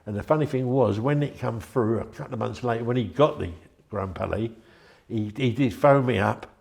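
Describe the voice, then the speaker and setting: A man's voice: medium pitch, normal speed, creaky, a little mellow. An older man, chatty and rambling as he tells anecdotes in an interview. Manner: rambling, chatty, with frequent restarts. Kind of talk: anecdotal storytelling.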